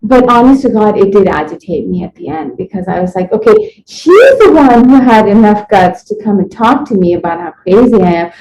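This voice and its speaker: A woman being interviewed, telling a personal story in a rambling, animated way and acting out what people said to her. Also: on the high side. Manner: rambling, animated retelling with acted-out quotes. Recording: echoey room, dull lo-fi sound.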